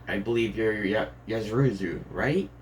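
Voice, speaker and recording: A man voicing a calm, polite schoolgirl. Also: lowish voice, moderate pace, slight background noise, lightly acted. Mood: curious. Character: polite, composed teenage girl student.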